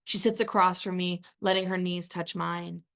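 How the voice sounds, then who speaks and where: Low, gravelly woman reading aloud. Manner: measured, even first-person reading with a dry aside. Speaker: author reading her own work. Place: live reading event.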